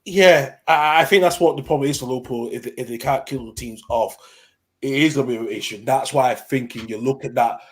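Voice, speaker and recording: A man's voice: medium pitch, a little fast. A man co-hosting a casual football watchalong, rambling, repeating words and trailing off. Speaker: co-host.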